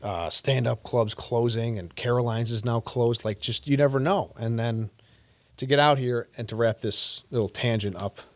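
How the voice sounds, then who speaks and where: A man's voice: medium pitch, normal speed. A man with a Chicago accent, a comedian guest rambling in a casual podcast chat, swearing often. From Chicago area. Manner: rambling, swears freely, lively impressions.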